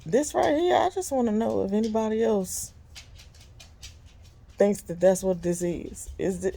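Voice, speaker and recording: Animated, exasperated woman venting on camera. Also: creaky. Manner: animated and exasperated, big jumps in pitch when quoting people; blunt and conversational, with frequent laughs. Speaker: vlog host and business owner. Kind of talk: casual venting monologue.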